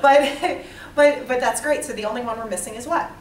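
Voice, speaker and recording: A woman leading a small interactive training session, lively and quizzing the group. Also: fairly high pitch, brisk, slight background noise. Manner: lively, asks the group questions, acts out types. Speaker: workshop trainer. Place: small training room with a few participants. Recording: echoey room, mic far off.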